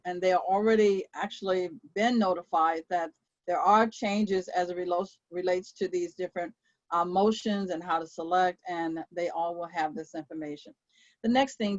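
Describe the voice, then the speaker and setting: A woman clerk hosts a question-and-answer webinar, reading each question and then talking it through with plenty of pauses and fillers. Her voice sits at a middle pitch. It comes through dull and dry, like audio from a video call. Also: no room sound. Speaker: court clerk moderating a webinar. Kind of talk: moderating a Q&A webinar.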